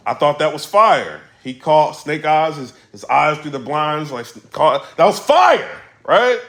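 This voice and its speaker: Male channel host, somewhat high voice, animated casual commentary with sudden loud bursts. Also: measured pace, echoey room. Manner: animated, repeats lines he quotes, sudden loud outbursts. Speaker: battle rap commentator.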